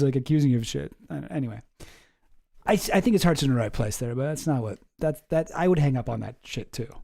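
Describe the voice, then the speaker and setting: Male reaction host, mellow, slightly high voice, loose and wisecracking, swears casually. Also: creaky. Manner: laid-back, wisecracking, swears freely.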